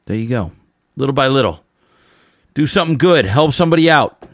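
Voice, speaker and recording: A middle-aged man from Southern California talks in a rambling, blunt monologue, drifting between side stories before getting worked up and preachy. His voice sits at an ordinary middle pitch and sounds close and dry, with almost no room around it. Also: expressive, fairly quick, no echo. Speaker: podcast host and musician. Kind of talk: casual monologue storytelling.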